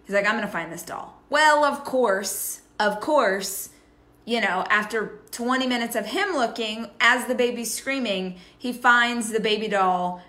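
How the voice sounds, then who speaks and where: A woman co-hosting a casual chat, telling a story in a chatty, lively way. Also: fairly high pitch, a little slow. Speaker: podcast co-host. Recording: echoey room.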